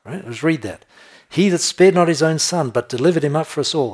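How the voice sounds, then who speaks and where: A man's voice: on the high side, animated. Emphatic male preacher reading scripture. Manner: emphatic scripture reading with slowed stressed phrases; conversational asides with soft laughs. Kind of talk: sermon.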